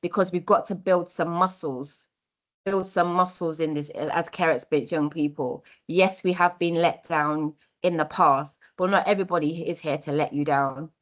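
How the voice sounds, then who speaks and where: A woman's voice: low voice, fairly even intonation, normal speed. A young adult woman giving a workshop talk, earnest and encouraging, repeating her key phrases. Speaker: workshop speaker on mentoring.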